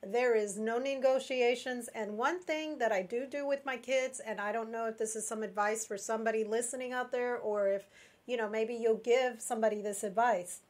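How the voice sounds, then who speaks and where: A woman's voice: fairly high pitch, moderate pace. A woman host with a Latina accent, speaking firmly and emphatically in casual talk-show chat. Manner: emphatic, firm, talks like a strict parent.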